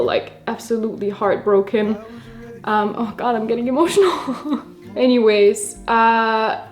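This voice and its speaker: A woman in her twenties from Denmark, chatting casually and rambling with frequent laughs while doing her makeup for a vlog. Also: mid-range voice. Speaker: beauty vlogger. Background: soft background music.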